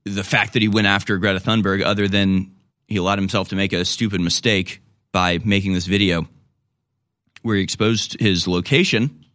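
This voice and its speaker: A talk radio host, a man with a lowish voice, riffs sarcastically and trips over his own restarts as he goes. The studio sound is dry and close. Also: steady tone, moderate pace, fairly bright tone, dry recording. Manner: rambling, sarcastic, frequent restarts.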